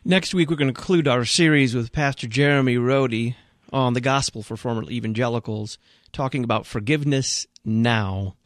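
Man hosting talk radio, mid-pitched, brisk announcer reads, dry close sound. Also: no room sound. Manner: brisk announcer reading promos and thanking guest. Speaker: radio show host.

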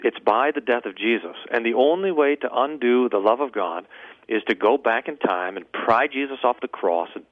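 A man's voice: medium pitch, lively intonation, normal speed, no room sound. A man preaching earnestly in a sermon clip played on a radio show. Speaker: pastor. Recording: tinny phone-like radio audio.

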